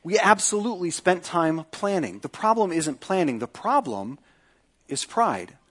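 A middle-aged male pastor preaching a sermon, asking the congregation rhetorical questions and dropping to a softer voice to pray. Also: sing-song, measured pace. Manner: acts out quoted speech with lifted pitch; prays in a softer, lower voice.

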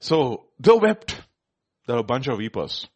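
A man's voice: medium pitch, big pitch swings, measured pace, a little mellow, husky. A man preaching a sermon, reading scripture aloud, asking his listeners questions and laughing often.

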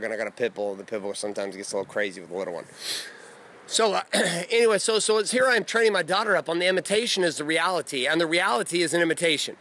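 A man's voice: medium pitch, fairly bright tone. A man in his thirties talking blunt and profane in a casual monologue, recorded in his backyard. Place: backyard outdoors.

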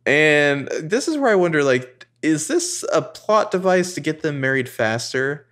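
A man co-hosting a casual TV recap, animated and profane, often acting out the scenes. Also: a little high, unhurried. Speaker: podcast co-host.

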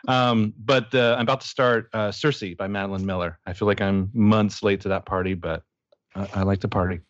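A man's voice: fairly low pitch, steady tone, normal speed, dry recording, muffled recording. A man co-hosting a podcast in casual chat, joking and laughing often, with lots of fillers. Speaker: podcast co-host.

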